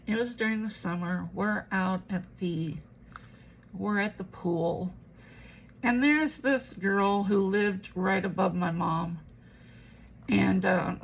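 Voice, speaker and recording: A woman's voice: mid-range voice, creaky, breathy edge, poor audio. A woman crafting at home while telling a rambling family story, full of "you know" asides. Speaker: resin jewelry crafter.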